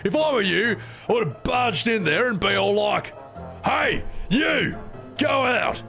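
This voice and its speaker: A man voicing a cheeky, foul-mouthed schoolboy with an Australian accent and a high, brash, mocking voice. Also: expressive, unhurried, gravelly, pushed and bright, faint music behind, exaggerated voice.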